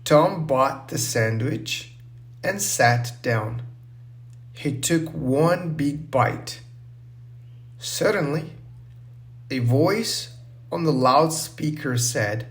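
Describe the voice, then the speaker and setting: A man narrating a simple story for English learners, slow, clear and deliberate. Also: medium pitch.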